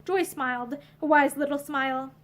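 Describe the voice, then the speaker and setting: A woman narrating a novel aloud in a measured, expressive storytelling manner, sitting indoors among bookshelves facing the camera. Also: high-pitched.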